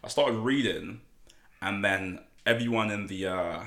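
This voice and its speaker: A man from Nigeria chatting as a podcast guest, telling animated stories and acting out the voices of people in them. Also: fairly low pitch, measured pace, reverberant. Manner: animated storyteller, acts out quotes, laughs often. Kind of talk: casual podcast chat.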